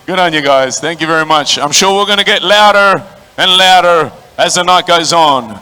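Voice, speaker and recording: A man's voice: moderate pace, sharp tone, smooth. A man working as a ring announcer at a boxing stadium, calling out to the crowd and introducing the fighters. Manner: booming, crowd-working, calls out to the audience.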